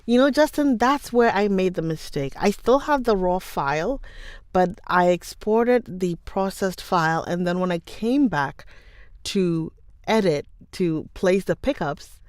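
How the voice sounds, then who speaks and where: A woman's voice: on the low side, animated, measured pace, darkish tone, no echo. A young woman whose first language is Twi, hosting a livestream, chatting casually with viewers, laughing often and greeting them by name. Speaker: livestream host. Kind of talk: casual chat with live viewers.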